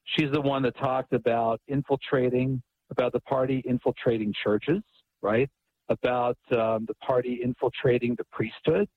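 Husky man telling a story on radio. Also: medium pitch, no echo, highs cut off. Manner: animated, repeats words often. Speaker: author and guest.

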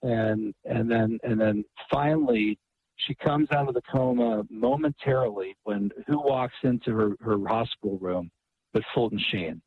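Male author guest, husky, dull radio-line sound, animated storyteller who repeats words. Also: mid-range voice, a little slow, no room sound.

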